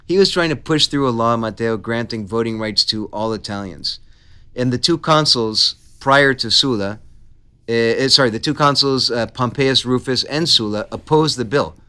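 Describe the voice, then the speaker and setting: A man hosting a casual history podcast, telling the story with animated, playful asides. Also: mid-range voice, clean tone. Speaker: podcast host.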